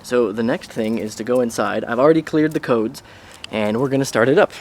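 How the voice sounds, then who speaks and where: A man's voice: medium pitch, a little fast, slight background noise. A man vlogging his car repair in a casual, wry way, grumbling a little as he talks to a handheld camera by his car and then inside it as he drives. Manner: chatty and wry, with mild grumbling. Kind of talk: casual self-filmed car vlog. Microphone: handheld camera mic.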